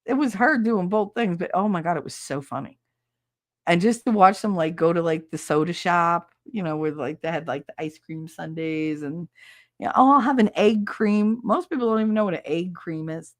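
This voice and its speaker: Low-voiced, rambling podcast host woman. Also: normal speed. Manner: rambling, nostalgic and self-mocking. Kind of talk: casual solo chat.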